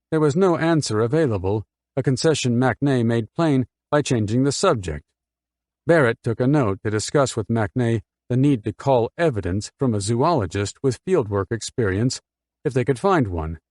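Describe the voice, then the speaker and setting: In a mid-range voice, a man gives a steady, measured scripted reading of an audiobook. There's no echo, and the audio is studio quality.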